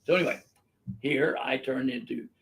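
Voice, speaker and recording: Over a noisy background, a physician in his later years speaks at a moderate pace in a medium pitch while hosting a live webinar. Fielding viewer questions, he spins stories in a forceful, opinionated, no-nonsense manner, captured through a live webinar mic.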